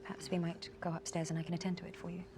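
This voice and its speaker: A woman's voice: lowish voice, monotone, very fast, music in the background, lightly acted. An actress playing a composed, proper woman in mourning in a period drama, speaking formally. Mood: gentle.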